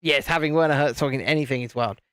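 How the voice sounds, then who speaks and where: A man's voice: medium pitch, fast, a bit bright, clean tone, no echo, studio quality. A man hosting a live stream, chatting casually in a rambling, self-interrupting way while he builds a set. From United Kingdom.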